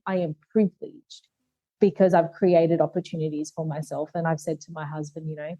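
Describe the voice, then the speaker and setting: A woman's voice: fairly low pitch, warm tone, dry recording, poor audio. A woman, a podcast guest, telling her life story openly and earnestly, acting out remembered dialogue. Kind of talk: candid life story in conversation.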